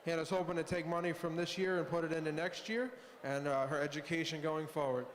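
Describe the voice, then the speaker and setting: Man, sale announcer, formal measured reading, reverberant arena, faint hiss. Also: fairly high pitch. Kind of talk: reading exhibitor introductions. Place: indoor livestock show arena over PA.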